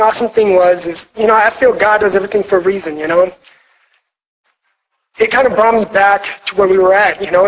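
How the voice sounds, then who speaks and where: A young man with a notably high voice tells his story to a retreat audience. He is earnest and rambling, restarting sentences and leaning on fillers as he speaks. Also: a little hiss or hum, low-quality recording. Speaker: speaker sharing his testimony at a marriage retreat. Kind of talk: personal testimony talk to an audience. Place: church retreat hall.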